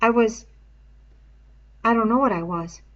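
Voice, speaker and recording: A woman voicing a shaken teenage boy who speaks low, slow and stricken. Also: distant mic, dull audio, lightly acted.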